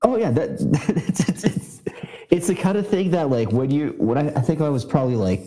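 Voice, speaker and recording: A man on a casual movie podcast, talking in a halting, hesitant way. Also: a little high, lively intonation, warm tone, rough recording. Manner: hesitant, halting, many restarts. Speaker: podcast co-host.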